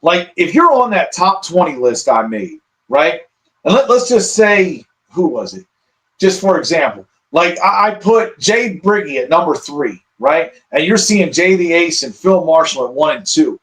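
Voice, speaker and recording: Brief: guest analyst, man with a high voice, chatty and explanatory, keeps asking "right?". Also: big pitch swings, measured pace, a bit bright, low-quality recording. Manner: explains at length, checks in with "right?". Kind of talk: casual podcast chat.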